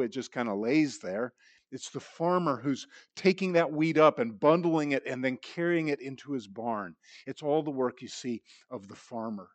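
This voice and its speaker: A man's voice: mid-range voice, no echo. A man preaching an expository sermon, teaching earnestly, asking rhetorical questions and restarting with repeated words. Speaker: pastor.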